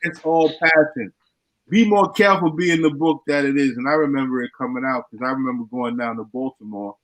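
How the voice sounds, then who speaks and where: A man hosting a podcast, interviewing a guest casually and backing him up with quick affirmations. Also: medium pitch, a little hiss or hum, low-quality recording. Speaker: podcast host.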